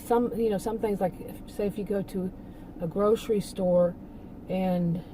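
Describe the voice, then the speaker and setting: A woman's voice: mid-range voice, fairly even intonation, measured pace, noisy background. A woman talking casually in a rambling monologue, laughing often and restarting her sentences. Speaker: channel host.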